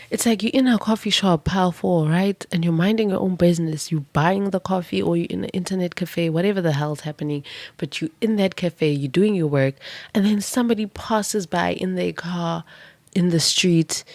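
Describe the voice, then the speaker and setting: A woman's voice: fairly low pitch, moderate pace, a little mellow, no echo. A woman doing a pick-a-card tarot reading, telling it as a vivid, dramatic story with casual swearing.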